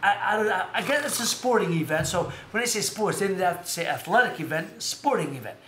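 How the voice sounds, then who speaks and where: A rambling, animated man with a high voice talks fast while hosting a casual boxing live stream. He corrects himself often as he tells stories, and the echoey room has faint background noise.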